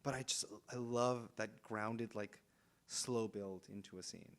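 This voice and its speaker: A man's voice: on the low side, fairly even intonation, unhurried. A man from Los Angeles, an improviser guest on a podcast, talking earnestly and loosely in casual chat. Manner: earnest, loose, with many fillers and restarts.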